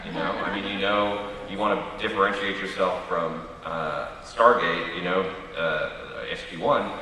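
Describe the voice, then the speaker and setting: A man's voice: low voice, bright, forceful tone. A man who is a TV writer-producer chatting and joking on a fan convention panel. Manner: joking, quick asides, trailing off. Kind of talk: casual panel chat. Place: large convention hall. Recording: echoey hall from far off with crowd noise.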